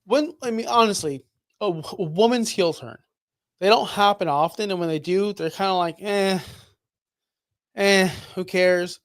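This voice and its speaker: A man's voice: sits high, normal speed, no echo, clean studio sound. A man co-hosting a wrestling podcast in easygoing casual chat. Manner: easygoing, lots of short agreeing replies. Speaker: podcast co-host.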